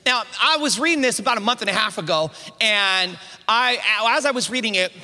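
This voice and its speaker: A man's voice: sits high, expressive, fairly quick, pushed and bright, long reverb tail. A man preaching a sermon, calling the congregation to answer back and often repeating words as he builds up. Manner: call-and-response, rising to emphatic preaching; repeats words at starts of phrases.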